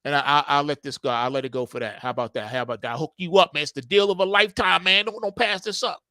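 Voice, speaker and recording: A man's voice: on the high side, steady tone, fast, pushed and bright, dry recording, clean studio sound. A man voicing a street hustler who stammers and pleads to trade his things for food. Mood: wheedling.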